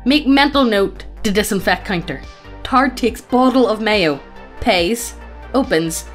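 A woman's voice: medium pitch, lively intonation, a little slow, soft background music. A woman channel host casually reading a funny story aloud, swearing freely and breaking into laughter.

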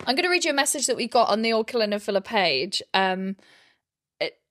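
A woman's voice: a little high, sing-song, fairly quick, a bit bright. A woman co-hosting a comedy podcast, chatting casually, laughing often and reading listener messages aloud. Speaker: podcast co-host.

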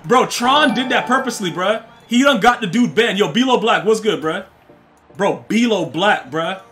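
Heavy slang and trash talk fill this casual stream, where a man plays a football video game and chats with his viewers. He has a high, fairly bright voice.

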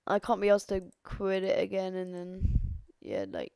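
A woman's voice: medium pitch, big pitch swings, moderate pace, vocal fry, mellow, clear, resonant tone, dry recording, studio quality. A woman giving rambling, sweary let's play commentary. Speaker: gamer.

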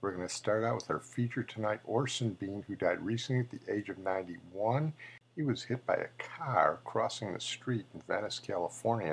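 Opinionated podcast guy, deep gravelly voice, kinda husky, just chatting. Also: a little hiss or hum. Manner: opinionated, conversational. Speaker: podcast host. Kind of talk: memorial podcast commentary.

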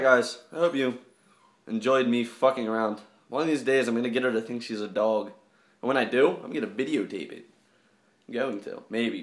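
A man's voice: mid-range voice, roomy sound. A young man vlogging casually, goofy and swearing as he pranks his sleeping sister. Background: sister sleeping nearby.

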